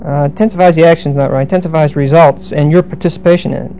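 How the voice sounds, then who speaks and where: Middle-aged male preacher, mellow dark voice, teaching scripture with grammar asides and humor; faint background hiss. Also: fairly high pitch, steady tone, fast, dull audio. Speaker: pastor. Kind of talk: verse-by-verse sermon.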